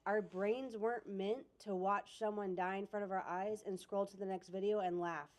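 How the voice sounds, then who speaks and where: A woman's voice: mid-range voice, fairly even intonation, moderate pace. A woman explaining a point earnestly in casual conversation. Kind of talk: casual chat.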